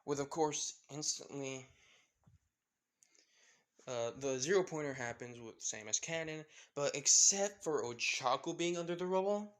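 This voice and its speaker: A man's voice: a little high, measured pace. A man casually telling a fan-fiction story, rambling and often correcting himself with fillers.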